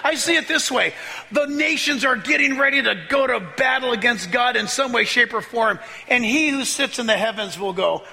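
A pastor preaching a sermon with excitable energy, often laughing and rising into shouts as he reads scripture. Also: extremely high pitch, moderate pace, gravelly. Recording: long reverb of a large hall.

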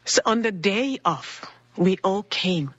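Speaking slowly with lively intonation, a woman with a medium-pitched, slightly bright and rough voice tells her personal faith story. She's earnest and voices the people in it as she goes. The audio is dry but dull.

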